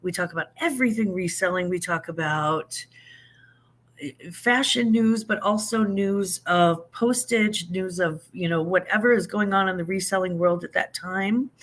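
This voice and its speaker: A woman's voice: fairly low pitch, normal speed. A woman guest on a live stream, cheerfully introducing herself and chatting casually. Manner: cheerful, laughs easily. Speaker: guest, online reseller.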